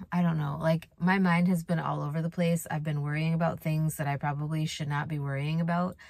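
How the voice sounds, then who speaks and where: A woman's voice: sits low, little pitch movement, brisk, gravelly, darkish tone, no room sound. A young woman vlogging casually and confessionally, talking in a worried, rambling way with many fillers and restarts.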